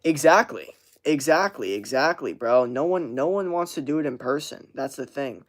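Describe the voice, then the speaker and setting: A man's voice: mid-range voice, animated, normal speed. A man hosting a casual livestream, chatting loosely with lots of slang, swearing and filler words while reading viewer chat aloud. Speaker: livestream host.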